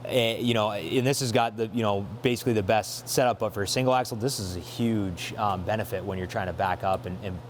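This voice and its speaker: Guy with a lowish voice showing off a camper, excited, lots of ums and restarts. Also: a little fast, few pauses, slight background noise. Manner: eager, filler-heavy, self-correcting. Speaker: dealership host showing a trailer. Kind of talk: casual walkthrough with a colleague.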